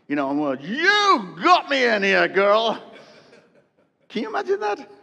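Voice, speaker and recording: A man preaches a live sermon, his voice sitting high for a man. He tells Bible stories with animated, acted-out asides. The church hall gives his voice a long reverb trail. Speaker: pastor.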